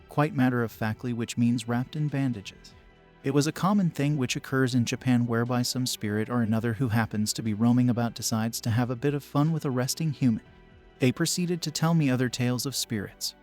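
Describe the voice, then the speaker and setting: Male narrator, measured and calm, reads spooky tales over faint music. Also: medium pitch. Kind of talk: scripted narration of spooky stories. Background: faint background music.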